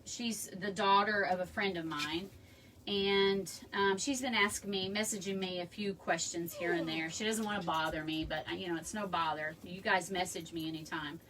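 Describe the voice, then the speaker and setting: A woman's voice: on the low side, fairly even intonation, normal speed, fairly bright tone. A woman hosting a casual live craft tutorial, chatting and rambling with friendly asides to her viewers from her home. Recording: room mic from a distance, faint background noise.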